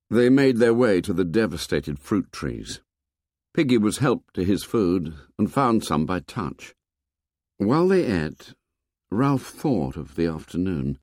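Slow, low-voiced man reading a novel. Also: dry recording, studio quality. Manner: measured, expressive storytelling. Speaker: narrator. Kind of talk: audiobook narration.

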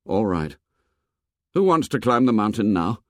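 A man's voice: on the low side, sing-song, measured pace, no echo, clean studio sound. A man voicing an earnest boy chief who sounds troubled and hurt. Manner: earnest, despairing.

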